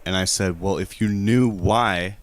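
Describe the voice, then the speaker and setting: Male prank caller, lowish voice, long-winded and flustered, clear stream mic. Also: measured pace. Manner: rambling, hesitant, defensive, with many restarts. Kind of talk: prank phone call storytelling.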